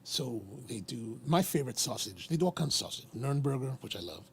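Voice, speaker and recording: A man's voice: medium pitch, a little fast, slight background noise. A man hosting a live stream, chatting casually in a rambling, repetitive way. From Maryland, USA. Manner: rambling, chatty, lively with repeated phrases. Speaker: livestream host.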